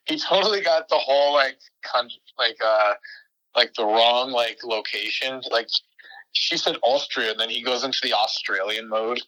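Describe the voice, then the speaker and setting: Bright-voiced, giggly man. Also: mid-range voice, normal speed, low-quality recording. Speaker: podcast guest. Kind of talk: casual comedic banter.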